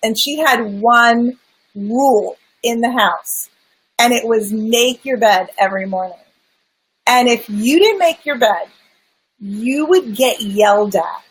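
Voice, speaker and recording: A woman's voice: a little high, slow, husky, rough recording. A woman guest, a spiritual life coach, candidly telling her personal story in an earnest, emphatic way. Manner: earnest, emphatic, sometimes swears.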